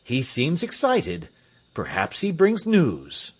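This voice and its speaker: A man's voice: on the high side, wildly swooping pitch, slow, husky, voice pushed up, exaggerated voice. A man reading the part of William Tell, a resolute heroic marksman, in a stirring, declamatory way for an audiobook. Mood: curious.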